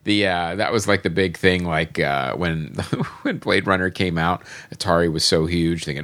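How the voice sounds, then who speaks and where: A man's voice: deep voice, normal speed, few pauses, a bit bright. A man hosting a casual film podcast, talking in a loose, rambling way full of filler words. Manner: rambling, heavy use of "like". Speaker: podcast host.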